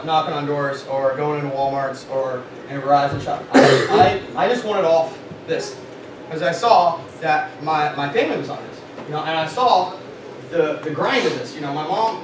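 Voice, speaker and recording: A man leading a sales meeting, giving an animated motivational talk to a live audience and quizzing them with questions. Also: a little high. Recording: echoey room, far from mic, noisy.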